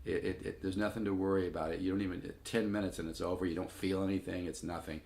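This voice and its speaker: A man's voice: deep voice, fairly even intonation, fast talker, creaky, a little mellow. An older man giving a casual guitar lesson, rambling and conversational, with asides between his own playing. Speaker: guitar teacher.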